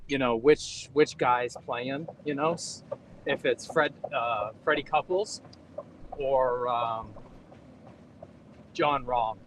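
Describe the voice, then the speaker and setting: A man's voice: medium pitch, slow, long pauses, a bit bright, slight background noise. A man co-hosting a golf livestream outdoors on a rainy course, thinking aloud about each shot in casual chat. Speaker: golfer and co-host.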